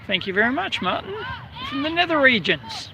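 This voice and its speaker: A man's voice: very high-pitched, sing-song, moderate pace, noisy background. An Australian man hosting a casual outdoor live stream, chatting and greeting viewers by name in a rambling way. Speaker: livestream host.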